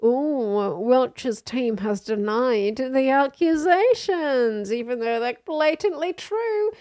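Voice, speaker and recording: A woman's voice: high-pitched, animated, slow, darkish tone. A woman streamer reading news aloud in casual commentary, sarcastic and often laughing. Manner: sarcastic, laughing, reads quotes mockingly.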